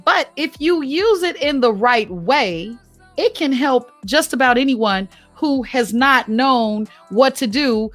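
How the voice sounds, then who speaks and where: A woman's voice: high voice, slow pace, no echo, soft background music. Chatty woman podcast host. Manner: lively, talkative, laughs often. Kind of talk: casual interview chat.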